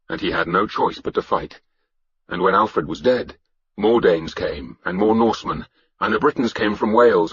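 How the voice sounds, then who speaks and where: A man with a husky voice narrating a historical novel in the first person, in a measured, grave storytelling manner. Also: lowish voice. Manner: measured, grave storytelling with shouted battle cries. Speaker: audiobook narrator. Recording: dull lo-fi audiobook recording.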